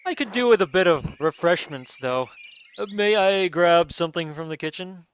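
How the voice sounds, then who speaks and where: A man voicing a haughty, self-important baron who talks loudly and grandly in a game playthrough. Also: sits high, animated, normal speed, dull audio, slight background noise. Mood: pompous. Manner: loud, pompous.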